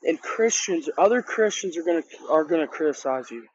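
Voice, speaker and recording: A man's voice: fairly high pitch, lively intonation, fairly quick, slightly rough. A man who leads a youth group, giving a casual sermon in an earnest, conversational way, often restarting and repeating words. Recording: dull, dry lo-fi recording.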